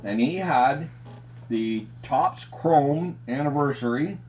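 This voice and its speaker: A man hosting a card collecting unboxing, talking casually and getting excited over the cards. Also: mid-range voice, slow pace, dull audio, slight background noise. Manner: excited, says "frickin' sick". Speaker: card collecting channel host.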